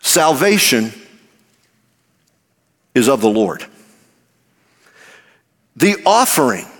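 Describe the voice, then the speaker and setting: Slow emphatic man preaching in a hall. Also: fairly bright tone. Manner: slow, emphatic preaching with dramatic drops and climbs in pitch. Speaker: pastor. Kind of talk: sermon.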